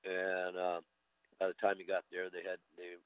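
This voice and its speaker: An older American man with a very deep voice tells a personal story as a veteran in a conversation. He talks candidly and emotionally and swears casually. The recording is close and dry. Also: completely flat delivery, moderate pace, clean tone, no room sound, low-quality recording. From United States. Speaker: veteran telling his story.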